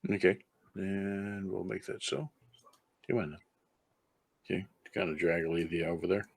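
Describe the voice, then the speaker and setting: A man's voice: low-pitched, fairly even intonation, normal speed, gravelly, husky, no echo. A man as game master, narrating a tabletop game in an easygoing, chatty way. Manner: easygoing, chatty, breaks off to talk to a pet.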